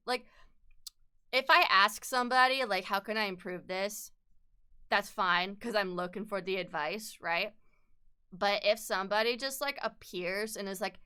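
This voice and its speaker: A woman's voice: mid-range voice, measured pace, bright, forceful tone, clean tone. A young woman streaming while she draws, rambling in casual chat, swearing freely and laughing often.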